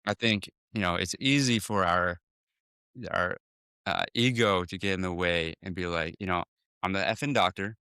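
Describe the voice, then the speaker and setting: A man, a dentist, speaking as a guest in a casual podcast interview, talking quickly with many restarts and acting out conversations with patients. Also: deep voice, sharp tone, clear, resonant tone, no echo, clean studio sound. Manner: fast, full of restarts, acts out patient talks.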